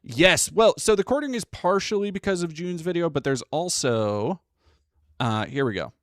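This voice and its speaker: A man's voice: a little high, animated, normal speed, no echo, studio quality. Casual, sarcastic male streamer. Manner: casual and sarcastic, swears, reads chat aloud. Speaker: stream host.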